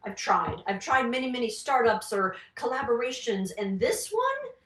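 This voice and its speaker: Animated woman guest with a fairly high voice, recorded far off the mic in a roomy space. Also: normal speed. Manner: animated, laughing, enthusiastic. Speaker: interview guest, clinical psychologist. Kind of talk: casual interview chat.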